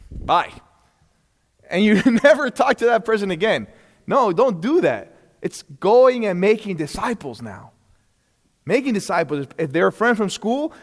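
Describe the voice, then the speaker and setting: A man with a fairly high voice teaches a church class in an easy, conversational way. He keeps asking the room questions and lets small chuckles slip between points. His voice rings with a long reverb, as if recorded in a large hall.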